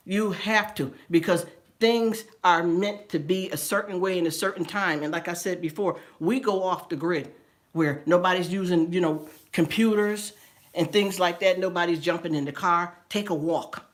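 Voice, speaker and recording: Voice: medium pitch, moderate pace. A middle-aged livestream host talking casually and earnestly with viewers, stumbling over repeated words and calling people "honey". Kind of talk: casual livestream chat with viewer shout-outs.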